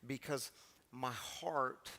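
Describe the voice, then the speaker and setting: A middle-aged man, a pastor, giving an earnest, confessional sermon that swings from hushed to emphatic, often repeating words. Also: medium pitch, steady tone, extremely slow. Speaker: pastor of a recovery community. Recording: long hall reverb, faint music behind.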